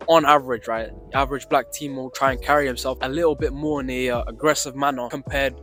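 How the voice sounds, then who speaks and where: A young man telling stories to camera in a casual, slangy, swearing vlog style that swings between excited and low. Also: fast, soft background music. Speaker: vlogger.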